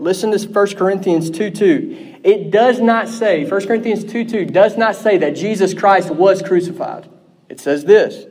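A man's voice: fairly high pitch, darkish tone. A man preaching a sermon, earnest and insistent, often checking that his listeners follow.

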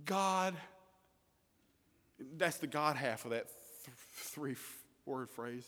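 Male preacher, bright high voice, emphatic delivery shifting from quiet to forceful, long reverb of a hall. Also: expressive, slow. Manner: emphatic, swings from hushed to loud. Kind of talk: sermon.

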